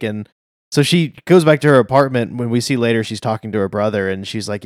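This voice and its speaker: A man's voice: medium pitch, a little fast, no echo, clean studio sound. A man co-hosting a podcast, chatting easily about a comic and laughing along. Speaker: podcast co-host. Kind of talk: casual chat about a comic.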